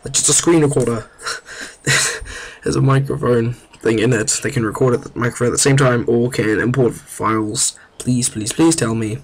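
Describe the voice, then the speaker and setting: Young New Zealand guy, chatty and self-mocking, amateur gameplay commentary, mid pitch. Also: steady tone, moderate pace.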